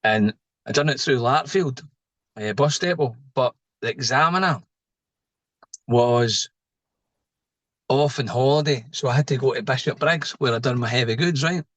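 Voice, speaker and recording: A man's voice: mid-range voice, moderate pace, pauses often, no room sound. A middle-aged man with a Scottish accent, a lorry driver telling a story in casual chat, acting out the people in it. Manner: animated anecdote-telling, voicing people in his story.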